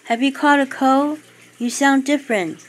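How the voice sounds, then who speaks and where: A woman's voice: high voice, steady tone, moderate pace, voice pushed up, close to an everyday voice. A woman voicing a friendly, concerned female nursing-home staff member in a read-aloud story.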